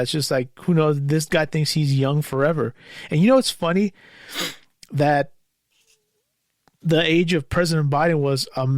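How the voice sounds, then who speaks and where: A man talks alone into a close, dry mic for his podcast. His voice sits a little high and has a gravelly edge. He sounds anxious and bitter, and he swears freely as he vents. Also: dry recording. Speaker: podcast host. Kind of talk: solo podcast monologue.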